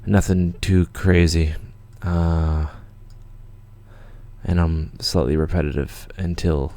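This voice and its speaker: A young Canadian man with a low, gravelly voice, casually chatting on a livestream from his home studio. He rambles through stories with plenty of fillers and the odd curse. The sound is dry and close, with no room echo. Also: fairly even intonation, slow, mellow. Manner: rambling, laid-back storytelling with many fillers and swearing. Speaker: music producer hosting a live Q&A stream.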